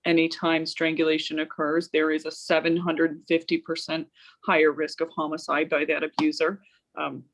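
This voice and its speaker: A woman's voice: low-pitched, rough recording. A woman guest on a video call, speaking steadily and informatively with frequent ums. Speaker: guest advocate. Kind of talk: interview answers.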